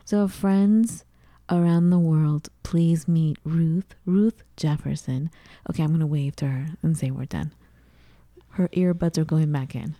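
A woman's voice: sits low, steady tone, a little slow, mellow, no room sound, studio quality. A woman co-hosting a casual talk show from a home kitchen, chatty, gushing and playful. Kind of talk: casual chat.

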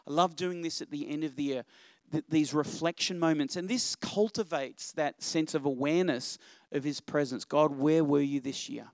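A middle-aged man preaching a church sermon, animated, asking rhetorical questions and swinging between loud urging and quiet reflection. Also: a little high, moderate pace, dry recording. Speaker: pastor.

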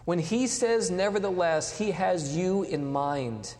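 Male preacher, animated delivery, swings loud to hushed; long hall reverb. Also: a little high, takes it slowly. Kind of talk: sermon.

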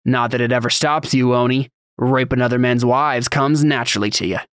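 A man's voice: medium pitch, fairly even intonation, brisk, fairly bright tone, no room sound, studio quality, natural voice. A man voicing a sneering, bullying male laborer in a mocking, taunting drawl for an audiobook.

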